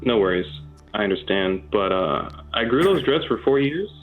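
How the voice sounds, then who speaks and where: A man's voice: on the low side, big pitch swings, moderate pace. Mock-earnest man on a tinny line. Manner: mock-earnest, rambling with fillers. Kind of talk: casual joking chat. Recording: tinny phone-like line with faint music.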